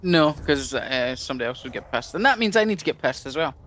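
Fast-talking, profane man gaming. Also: on the high side, lively intonation, a bit bright, slight background noise. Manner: profane, blunt, quick to banter. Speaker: co-op game player. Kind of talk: casual gaming chat.

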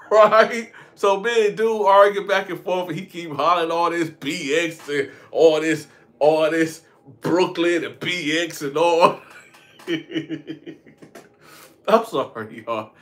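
A young man spins a loose, slang-heavy storytime monologue, straying into side stories and chuckling at his own tales. His voice sits a bit high and sounds bright and forceful. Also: slow pace. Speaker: storytelling vlogger.

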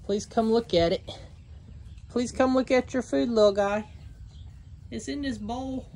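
A man chatting casually to viewers outdoors on a farm, coaxing his goats in a gentle sing-song. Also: extremely high pitch, fairly even intonation, measured pace, long pauses, a little hiss or hum. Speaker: homesteading vlogger. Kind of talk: casual vlog chat.

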